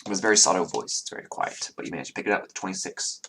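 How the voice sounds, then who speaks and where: A man's voice: low-pitched, animated, rapid-fire, bright, forceful tone, a little hiss or hum. A man narrating as game master, rambling with many fillers and self-corrections.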